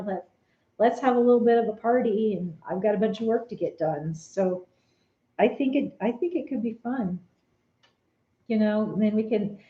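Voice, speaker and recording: A woman chats casually with her live viewers, animated and quick to laugh. Her voice is mellow and relaxed. The sound is roomy and a little dull, like a home studio on a modest mic. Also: medium pitch. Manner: chatty and animated, laughs often, reads viewer comments. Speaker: vlogger chatting with live viewers.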